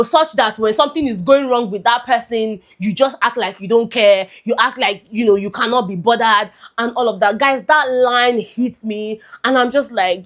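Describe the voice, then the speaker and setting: A woman's voice: fairly high pitch, fairly bright tone. A young Nigerian woman with a Nigerian accent, chatting expressively as a movie reviewer and slipping into pidgin. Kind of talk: casual chat.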